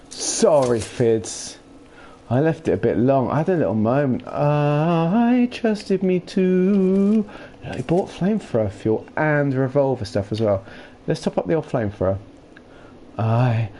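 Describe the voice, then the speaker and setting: A young man chatting casually and playfully with his live chat while streaming a game, rambling and breaking into silly shouts. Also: medium pitch, slight background noise.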